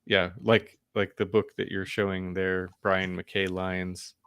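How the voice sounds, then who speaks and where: A man co-hosting a podcast in casual chat, relaxed and thoughtful with some fillers. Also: low-pitched, slow pace, very noisy. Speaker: podcast co-host.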